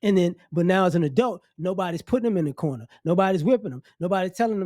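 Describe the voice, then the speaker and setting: Blunt scolding man, high voice. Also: fast talker, few pauses, a little mellow, dry recording, studio quality. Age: adult. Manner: blunt, scolding, mocking, repeats himself. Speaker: commentary channel host. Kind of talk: opinion rant to camera.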